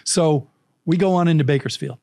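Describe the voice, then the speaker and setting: Animated male storyteller, dry close sound. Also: on the high side, a little fast, gravelly, no room sound. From California. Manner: animated, vivid anecdotal storytelling with acted quotes. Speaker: guest, storytelling coach. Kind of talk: interview storytelling.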